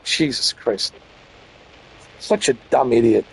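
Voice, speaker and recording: A man's voice: a little high, animated, a little slow. A man giving casual let's-play commentary, crude and mocking, repeating his jokes. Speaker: gaming channel host.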